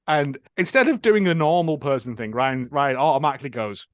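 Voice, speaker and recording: A man recapping a film on a podcast, sardonic and quick to act out the characters' lines. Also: mid-range voice, no room sound, highs cut off. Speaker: podcast co-host. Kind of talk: casual film recap chat.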